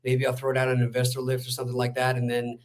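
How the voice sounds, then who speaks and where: A man's voice: mid-range voice, completely flat delivery. A man telling a story as a guest in a casual interview, chatty and full of fillers. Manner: rapid, chatty, with many fillers. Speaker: real estate wholesaler, guest.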